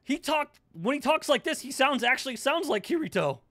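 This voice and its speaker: A man's voice: extremely high pitch, sing-song, fairly quick, bright, forceful tone, dry recording. A young man hosting an anime reaction, blurting questions, swearing at the screen and cooing over cute moments. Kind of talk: live anime reaction commentary.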